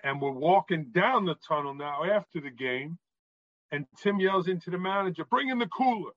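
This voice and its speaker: A man from New York tells animated stories as a podcast guest, often checking in with "right?". His voice sits a bit high. The recording is dry and a little dull. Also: moderate pace, dry recording. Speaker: guest, author and former referee. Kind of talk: storytelling in a podcast interview.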